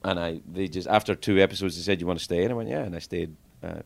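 A middle-aged man with a fairly low voice spins show-business stories with a swear word here and there. He jumps into the voices of the people he quotes as he goes, keeping it loose and conversational. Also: fast, vocal fry. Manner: animated, profane anecdotes with lively acted-out quotes. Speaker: guest. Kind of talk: casual storytelling.

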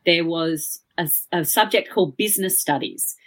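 A woman's voice: lowish voice, normal speed, fairly bright tone. A woman with an Australian accent, a podcast guest telling stories in casual chat, full of fillers and restarts. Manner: chatty storyteller with frequent fillers and restarts. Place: at home.

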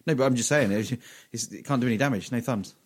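Speaking fast in a mid-range voice, this podcast co-host is a sweary, giggly storyteller. His casual chat wanders through silly stories, full of laughter and profanity.

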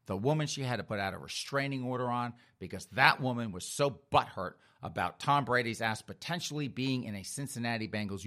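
Mocking guy doing comedy news rundown, bright sharp voice, bouncy pitch. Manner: mocking, storytelling, addresses listeners as folks. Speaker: host.

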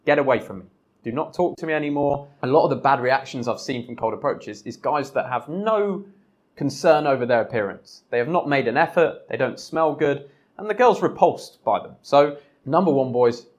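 A young man coaches listeners on dating in a blunt, direct monologue. His voice sits in a middle pitch, and he drops in swear words without a second thought. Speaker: podcast host.

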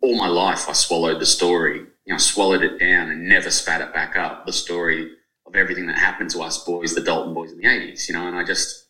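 Man in his forties, very deep voice, bright and edgy tone, rambling emotional talk, roomy sound. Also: little pitch movement, brisk. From Australia. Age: 40s. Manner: rambling, emotional, lots of fillers and restarts. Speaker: author and journalist. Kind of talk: podcast interview.

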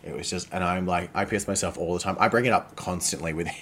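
A man's voice: low-pitched, quick pace, a bit bright, a little hiss or hum. A man co-hosting a podcast, chatting frankly and animatedly, swearing freely and laughing often. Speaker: podcast co-host. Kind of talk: casual, frank chat.

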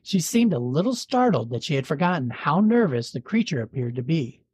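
Husky man reading a spooky legend. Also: fairly high pitch, very animated, a little mellow, no room sound. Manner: measured storytelling, dry jokes. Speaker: podcast host. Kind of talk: reading a legend aloud with banter.

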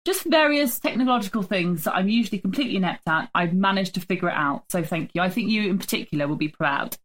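A woman's voice: mid-range voice, animated, quick pace. Woman co-hosting a chatty podcast, jokey and self-mocking, talking from home. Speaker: podcast co-host. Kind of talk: casual chat.

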